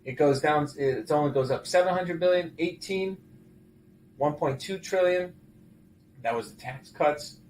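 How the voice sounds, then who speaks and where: A middle-aged man hosting casual market commentary, animated and exclaiming as he walks through figures. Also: fairly high pitch, a little slow, a little hiss or hum. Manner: animated, exclaiming and laughing at the numbers. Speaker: show host.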